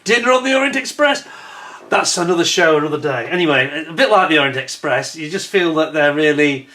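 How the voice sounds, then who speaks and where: A man narrates his travel footage in a voice pitched a little above the usual male range. His tone is bright and forceful. He tells the story as an indignant, exasperated rant. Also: lively intonation, a little fast. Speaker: travel vlogger. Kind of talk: voice-over narration of holiday footage.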